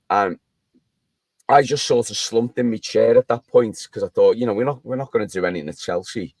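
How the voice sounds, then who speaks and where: A man's voice: mid-range voice, a little fast, no room sound. A man, co-hosting a podcast over a remote call, telling a long, rambling story with frequent restarts. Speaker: podcast co-host. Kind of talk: casual chat.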